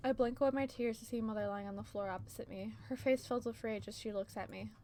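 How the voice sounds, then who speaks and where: A woman streamer reading a visual novel aloud in first person, with steady storytelling narration and small slips. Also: fairly high pitch, fast. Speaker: let's play streamer.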